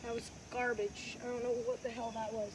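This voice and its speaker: Fairly high-pitched and level in tone, a woman talks a little fast while hosting a casual how-to vlog outside on a windy day. She plays wiffleball and runs the channel, rambling chattily and self-correcting, all recorded on a phone camera.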